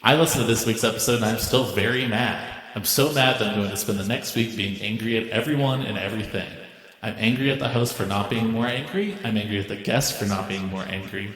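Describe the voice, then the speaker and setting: A man voicing a mean, angry machine in a comedic letter reading, with a sulky, grumbling monotone. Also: on the low side, brisk, roomy sound, in a large hall, close to an everyday voice.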